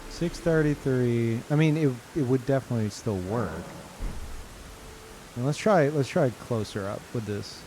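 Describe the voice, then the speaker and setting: A man streaming a game with live commentary, swearing and incredulous, jumping between loud outbursts and low mutters. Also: a little slow, a little hiss or hum.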